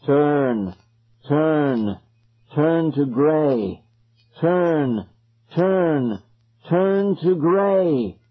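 Give me eerie ghost children chanting in a circle, as a man puts them on, slow and husky. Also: high voice, wildly swooping pitch, narrow, tinny audio, voice pushed up, heavily acted. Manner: chanting, murmuring.

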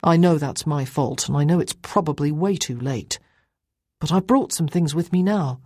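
Woman reading earnest awkward young man, hesitant, husky low voice, dry read. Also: normal speed, dark tone, no room sound.

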